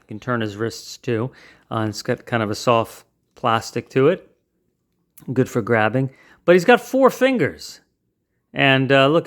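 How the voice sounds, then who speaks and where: A man's voice: mid-range voice, vocal fry, fairly bright tone. A man hosting a casual toy review, chatting and explaining the features step by step as he handles the toy.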